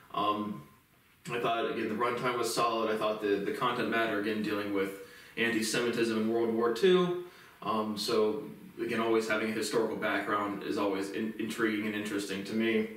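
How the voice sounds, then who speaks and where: A man giving a casual spoken film review, rambling and halting, with many fillers and restarts. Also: on the low side, a bit bright. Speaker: movie reviewer. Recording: very echoey room, voice far from the mic.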